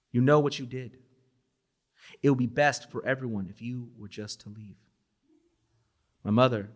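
A man's voice: mid-range voice, a bit bright. Emphatic man performing spoken word poetry. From Los Angeles, USA. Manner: emphatic, dramatic delivery with Spanish words mixed in. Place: bookstore event space.

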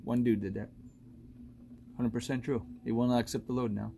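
A man's voice: mid-range voice, little pitch movement, moderate pace, vocal fry, warm tone, a little hiss or hum. A man in his forties hosting a solo podcast, ranting bluntly and with lots of profanity, often laughing at himself. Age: 40s. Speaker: podcast host.

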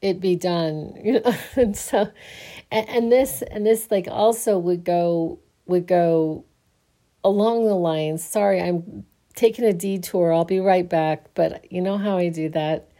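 Slow, sleepy woman musing softly. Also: lowish voice. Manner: slow, halting, restarts often, soft laughs. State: sleepy, yawning. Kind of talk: casual spiritual musing.

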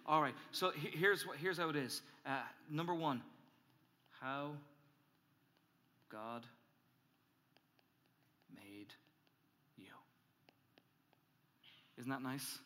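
A male pastor preaching a sermon, animated and emphatic, acting out angry inner voices as he builds. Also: extremely slow, pauses often. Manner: animated, acts out angry inner voices, rises in pitch and volume when emphatic. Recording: hall reverb.

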